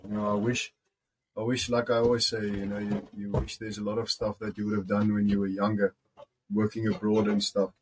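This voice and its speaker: Low-voiced podcast host. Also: male voice, fairly quick, a little hiss or hum, poor audio. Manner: relaxed, affirming, gives advice. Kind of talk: casual interview chat.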